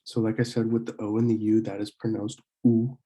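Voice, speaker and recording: A young man from Pennsylvania giving a casual recorded online lesson, talking with many fillers and slowing down to demonstrate words. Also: lowish voice, little pitch movement, dark tone. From Pennsylvania, USA. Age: young adult. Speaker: student French club teacher.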